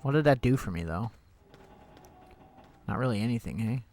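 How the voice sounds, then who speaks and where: A man's voice: medium pitch, expressive, normal speed, a little mellow, slight background noise. Chatty man narrating his gameplay. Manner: chatty, thinks aloud, wry sarcastic asides. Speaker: streamer. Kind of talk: casual gameplay commentary.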